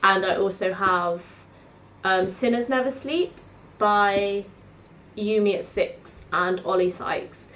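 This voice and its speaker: A woman's voice: medium pitch, fairly even intonation, slow, a bit bright. A woman, telling rambling stories to camera in a chatty way, full of "like". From South East London. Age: 20s. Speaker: student vlogger. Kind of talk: casual storytelling to camera.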